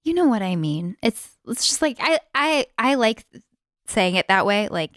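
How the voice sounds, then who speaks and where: A woman's voice: on the high side, big pitch swings, normal speed, a bit bright, dry recording, studio quality. A woman co-hosting a casual chat podcast, chatty and full of "like". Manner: chatty, uses "like" a lot. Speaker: podcast co-host.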